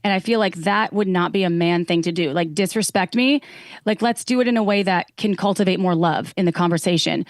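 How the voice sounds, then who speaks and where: A woman's voice: fairly low pitch, a little fast, no echo, clean studio sound. A woman guest, a sex educator, talking earnestly in a casual chat and acting out the lines she quotes.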